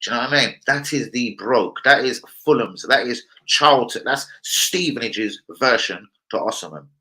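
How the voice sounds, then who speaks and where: A young man hosting a casual live football chat, brash and jokey, swearing a lot and swinging between loud outbursts and low muttering. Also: expressive, moderate pace, poor audio. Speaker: livestream host.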